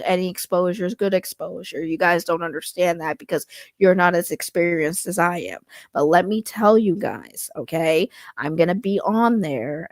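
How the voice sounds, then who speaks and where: A woman's voice: no echo, clean studio sound, close to an everyday voice. A woman doing a nasal, condescending filmmaker guy. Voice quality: nasal, congested. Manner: low, slow, trying to sound articulate. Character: condescending nasal male indie filmmaker, defensive. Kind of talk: parody impression.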